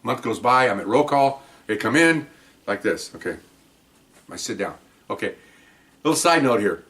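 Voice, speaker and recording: A man's voice: fairly low pitch, normal speed. An older man who is a retired police officer, casually telling a story to the camera and acting out what people said. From Mexican-American background. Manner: animated, acts out quotes, frequent "okay?" asides.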